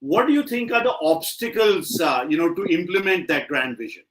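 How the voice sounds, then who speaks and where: A man's voice: fairly high pitch, very animated, normal speed, fairly bright tone, echoey room. A man hosting a panel discussion, putting polite questions to his guests. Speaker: host.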